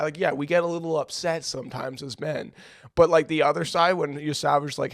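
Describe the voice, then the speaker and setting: A man's voice: a little high, fairly even intonation, fast, gravelly, dry recording, clean studio sound. A man co-hosting a podcast in laid-back casual chat who laughs often and argues both sides of a point. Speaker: podcast co-host.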